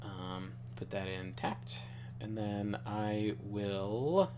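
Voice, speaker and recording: A man's voice: fairly low pitch, very slow, noisy background. A young man chatting casually over a card game, rambling, laughing and swearing freely. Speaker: show regular.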